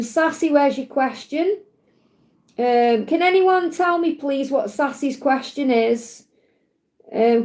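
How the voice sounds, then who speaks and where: Reassuring high-voiced woman reading cards live. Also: darkish tone. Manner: reassuring, affectionate, repeats "okay?" and "honey". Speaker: tarot reader hosting a livestream. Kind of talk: live-stream card reading.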